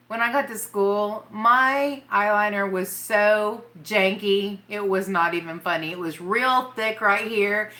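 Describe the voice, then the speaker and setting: A bright-voiced woman rambles through a casual live-stream chat. She giggles often and talks straight to the people in her chat. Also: medium pitch. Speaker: makeup vlogger.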